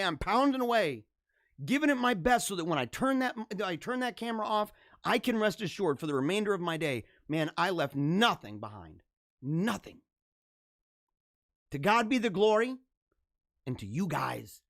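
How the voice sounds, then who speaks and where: A man's voice: high-pitched, a bit bright, dry recording, clean studio sound. A man hosting a livestream, talking to his viewers in an emphatic, preachy, repetitive way. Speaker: livestream host. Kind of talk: preachy motivational livestream talk. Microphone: camera mic.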